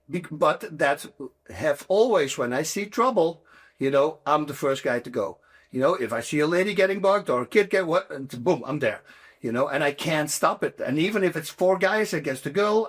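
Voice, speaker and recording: Older dutch guy, 60s, thick dutch accent, talks kinda high, punchy animated storytelling on a chat show. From Netherlands. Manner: animated, emphatic storyteller with broken English phrasing. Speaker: guest. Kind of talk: casual interview storytelling.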